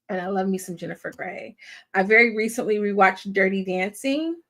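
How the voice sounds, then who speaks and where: A woman's voice: medium pitch, a bit bright. A woman hosting a movie watch-party live stream, chatting casually and effusively and laughing often.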